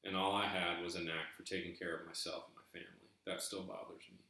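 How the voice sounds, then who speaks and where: Deep-voiced man in a very echoey room. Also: little pitch movement, fast talker, bright, forceful tone. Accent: put-on Southern American. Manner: chatty, musing, folksy with y'all and dang it. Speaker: treasure hunt video host. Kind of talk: casual vlog commentary reading from a book.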